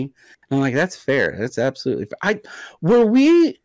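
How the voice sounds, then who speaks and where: A young man co-hosting a casual podcast, telling animated, joking stories. His voice sits at a middle pitch and the recording is dry, with no room echo. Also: moderate pace. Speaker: podcast co-host. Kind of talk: casual chat.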